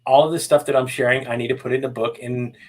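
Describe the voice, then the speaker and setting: A man's voice: mid-range voice, steady tone, fast talker. A man hosting a casual interview, asking friendly, encouraging questions. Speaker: podcast host.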